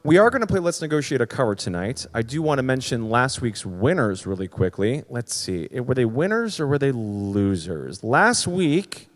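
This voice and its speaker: A man's voice: medium pitch, very animated, normal speed, few pauses, big-room sound. A man hosting his weekly comedy-music livestream from home, rambling in a self-deprecating way with crude jokes. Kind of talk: casual livestream banter. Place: home, streaming.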